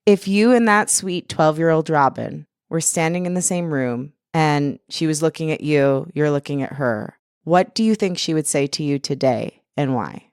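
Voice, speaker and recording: A woman hosting a podcast interview, affirming her guest warmly and laughing readily. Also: low-pitched, normal speed, smooth, dry recording, studio quality. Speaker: podcast host. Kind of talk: interview conversation.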